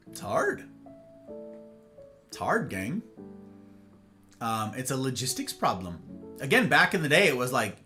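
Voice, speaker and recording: Man, livestream host, lively swooping pitch, casual rambling, acts out quotes. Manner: rambling, animated, acts out little dialogues. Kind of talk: casual chat with live viewers. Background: faint guitar music.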